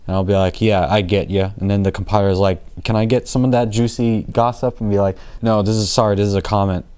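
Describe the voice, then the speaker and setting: A man's voice: on the low side, darkish tone, clear, resonant tone. A man teaching programming in a casual, rambling way, full of fillers, jokes and self-corrections, with keyboard typing behind him. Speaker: programming tutor. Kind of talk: casual screen-recorded coding lesson.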